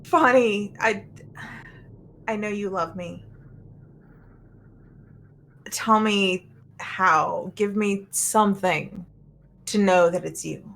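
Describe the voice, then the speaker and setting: A woman's voice: mid-range voice, very slow, gravelly, pauses often, a bit bright. A woman player in a tabletop game, speaking her character's lines earnestly, at times pleading. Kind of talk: in-character tabletop role-play.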